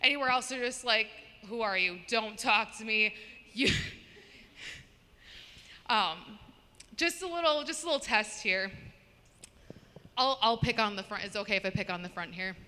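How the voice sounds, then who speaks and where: A woman's voice: a little high, moderate pace, long pauses, pushed and bright. A woman doing a stand-up comedy set, chatting with the crowd between stories. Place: comedy show venue. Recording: long reverb in a hall.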